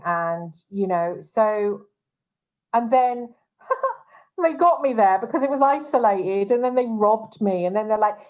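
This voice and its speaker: An agitated woman hosting a casual talk show, voice at an ordinary middle pitch. She talks in an indignant rush, restarting sentences and trailing off into fillers. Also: low-quality recording. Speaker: show host and private investigator.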